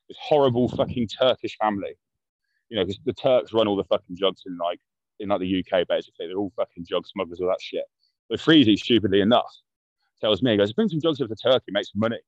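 A man's voice: on the low side, fast talker, dry recording. A man, a podcast guest telling a story in a blunt, rambling, swear-heavy way. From London. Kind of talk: casual storytelling. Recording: dull, dry lo-fi podcast audio.

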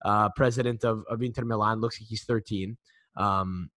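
A man's voice: lowish voice, steady tone, moderate pace, a bit bright. A man co-hosting a casual sports podcast, rambling with lots of restarts and casual swearing. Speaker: podcast co-host.

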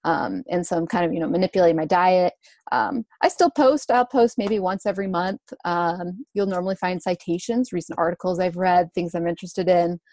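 A young woman in her twenties, a guest in a casual interview, talking in a relaxed, chatty way with many fillers. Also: lowish voice, a little fast. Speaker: guest, runner and food blogger.

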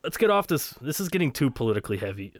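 A man's voice: mid-range voice, big pitch swings, racing, dry recording. A man, co-hosting a casual podcast and joking as he steers the chat. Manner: jokey, steers the talk. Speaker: podcast co-host.

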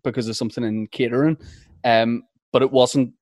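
A man's voice: mid-range voice, steady tone, fairly quick, a little mellow, dry recording. A man, hosting a casual chat and telling self-deprecating stories. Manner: chatty, self-deprecating storyteller. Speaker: host.

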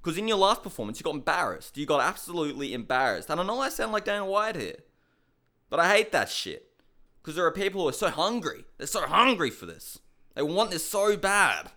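A man's voice: on the high side, very animated, a little fast, sharp tone. A young man giving a heated, incredulous rant on fighting news, swearing often. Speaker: MMA commentator. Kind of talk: ranting commentary to camera.

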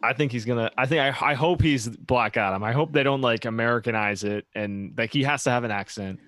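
A man's voice: mid-range voice, brisk, a bit bright, dry recording. A man co-hosting a casual podcast, chatty and asking the others questions. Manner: chatty, asks the guests questions. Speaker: podcast co-host. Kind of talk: casual group podcast chat.

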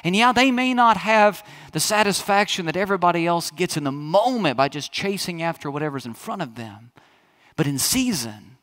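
A man's voice: sits high, lively intonation, moderate pace, a bit bright. A man in his thirties, a pastor preaching a sermon in a chatty, storytelling way that speaks straight to the congregation.

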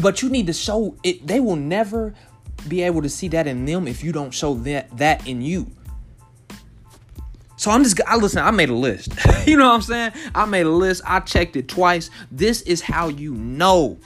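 A man's voice: high-pitched, expressive, normal speed, fairly bright tone, faint music behind. A man hosting a motivational podcast, talking straight to his listeners with fervent, repetitive urging. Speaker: podcast host.

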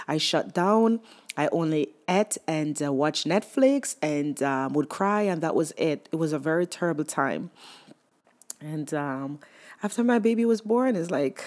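A young woman talks openly about motherhood in a lowish voice. She speaks candidly and emotionally, stopping often on ums and you-knows. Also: a little mellow. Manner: candid, emotional, many fillers. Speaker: mother sharing her story. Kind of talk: personal testimonial.

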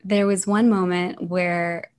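Woman teacher chatting about her zoom classes, animated storyteller. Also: on the low side, takes it slowly. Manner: animated, acts out the children's lines. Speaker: online teacher of young children. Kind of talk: casual interview storytelling.

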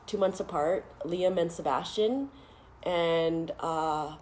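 A woman's voice: fairly low pitch, takes it slowly, a little mellow. A woman in her thirties, chatting casually as a host, laughing often and tearful at times. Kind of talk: casual chat.

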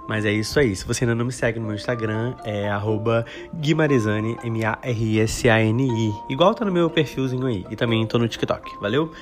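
An upbeat man hosts a language podcast, alternating chatty asides with steady storybook narration. His voice sits at a middle pitch. Clear music plays behind him throughout. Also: fast talker. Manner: upbeat, chatty greetings, then steady reading. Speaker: podcast host and English teacher. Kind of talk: podcast lesson and read-aloud storybook narration.

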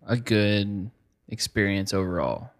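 A man's voice: lowish voice, animated, a little slow. A man in a casual chat who mostly reacts with short questions and remarks.

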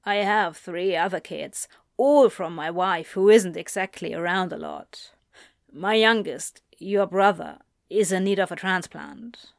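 A woman voicing a middle-aged male doctor who speaks in a halting, apologetic way, read slowly and dry. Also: on the low side, creaky, dry recording. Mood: earnest.

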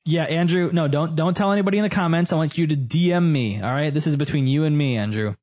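A man hosts a loose, joking podcast chat, his voice sitting a little high. He drags out lines in mock-serious asides. The sound is muffled and lo-fi, like a cheap home microphone. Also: quick pace, a little mellow. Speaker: podcast host. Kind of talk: casual chat.

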